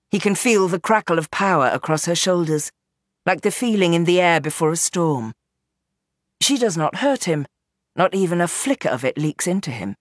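A woman reads a novel aloud in calm, measured narration. Her voice sits a little low, and the recording is close and dry with no room sound. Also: no room sound. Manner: steady, measured storytelling. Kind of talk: scripted audiobook narration.

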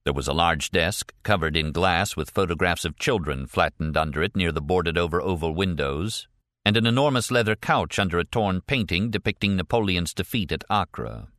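A man narrating a novel in an expressive storytelling manner. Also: deep voice, normal speed, no room sound, studio quality. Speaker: audiobook narrator. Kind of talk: scripted narration.

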